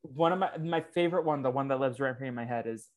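Podcast co-host, man, mid-pitched, easygoing and enthusiastic, filler-heavy. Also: fast talker. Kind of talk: casual podcast chat.

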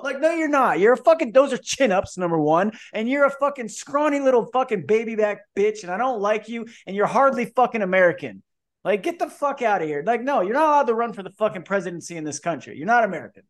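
A man's voice: high voice, expressive, quick pace. A man hosting a podcast in casual chat, joking and ranting with lots of swearing. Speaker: podcast host.

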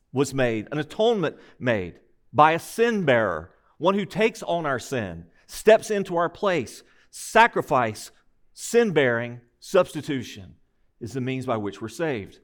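Man preaching with a lively, higher voice. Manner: emphatic, measured preaching with rhetorical questions. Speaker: pastor. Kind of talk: sermon.

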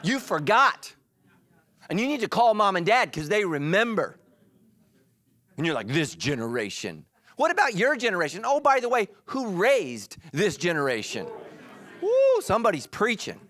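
A middle-aged man preaching a sermon in church, animated and joking, breaking into quick quoted voices. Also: high-pitched. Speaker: pastor. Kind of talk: energetic sermon.

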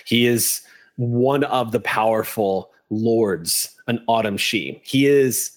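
A man running a tabletop game, narrating scenes in long, descriptive stretches peppered with likes and ums. His voice is mid-pitched and ordinary. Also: slow. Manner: descriptive, with fillers. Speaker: game master.

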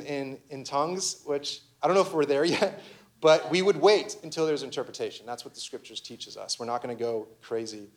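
A young man, a pastor, giving a conversational sermon full of personal stories, with many restarts and fillers. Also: on the high side.

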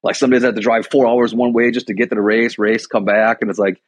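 A man's voice: mid-range voice, little pitch movement, fast talker, no echo. Male coach from Milwaukee, chatty rambling guest, dry close sound. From Milwaukee, USA. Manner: rambling storyteller, heavy use of "like" and "you know". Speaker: boxing and Muay Thai coach, guest. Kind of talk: casual chat.

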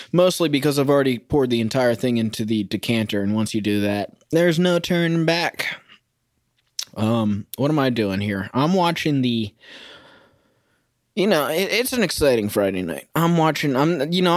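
A man's voice: mid-range voice, no room sound, clean studio sound. Rambling, self-amused man podcasting. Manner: rambling and self-amused, sings snatches of a song. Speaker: podcast host. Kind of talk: casual solo podcast monologue. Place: home kitchen.

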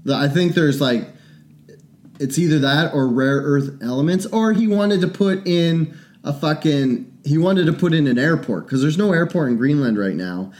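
A man's voice: a little high, expressive, moderate pace, a little mellow. Rambling, opinionated man in casual chat. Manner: rambling, opinionated, swears a lot.

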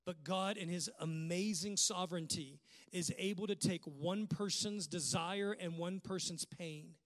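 A man's voice: sits high, a little slow, fairly bright tone. A male pastor preaching a sermon with impassioned, rhythmic repetition.

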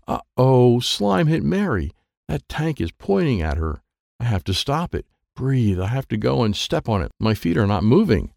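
A man reading a children's book aloud, lively and playful, with sound effects and character voices. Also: mid-range voice, gravelly, no room sound, studio quality. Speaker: audiobook reader.

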